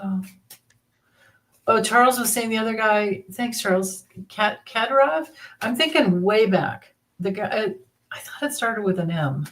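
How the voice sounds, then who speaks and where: Woman host, unhurried easygoing delivery, mid-pitched voice, casual livestream chat. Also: expressive, fairly bright tone. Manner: unhurried, reads viewer comments aloud, laughs easily. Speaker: tarot reader hosting a livestream. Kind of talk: casual live-stream chat.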